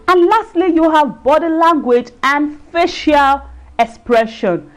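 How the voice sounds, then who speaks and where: Earnest woman on a livestream, fairly high pitch, repeats points, gropes for words. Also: darkish tone. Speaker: marriage enrichment speaker. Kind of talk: livestream talk.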